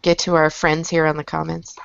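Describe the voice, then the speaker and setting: A woman co-hosting a podcast in casual chat, playful and teasing, quick with jokes. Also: sits low, monotone, vocal fry, fairly bright tone, clear, resonant tone, no echo, muffled recording. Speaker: podcast co-host.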